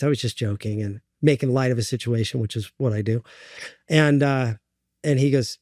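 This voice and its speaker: A middle-aged man speaking as an interview guest in a dry, close room, earnest and halting, with frequent ums and restarts. His voice sits at an ordinary pitch, and the story comes out in short broken phrases. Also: a little mellow, no echo. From United States.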